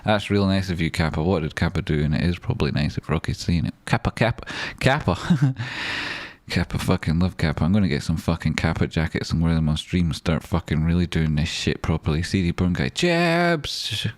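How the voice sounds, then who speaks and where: A man's voice: a bass voice, steady tone, fast talker, a little mellow. A man reading out live chat and joking with viewers on a stream, swearing often. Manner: chatty, swears often, jokey banter. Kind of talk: casual livestream chat.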